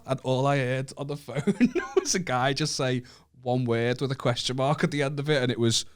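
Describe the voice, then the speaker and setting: A man's voice: medium pitch, moderate pace, few pauses, smooth. A man with a Northern English accent co-hosting a podcast, telling stories in casual, joking, sweary chat. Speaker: podcast co-host.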